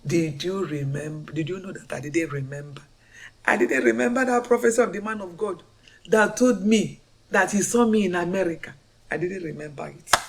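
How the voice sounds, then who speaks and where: A middle-aged Nigerian woman telling her life story as a fervent faith testimony, repeating phrases with emphatic swings. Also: lowish voice. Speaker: storyteller sharing a personal testimony.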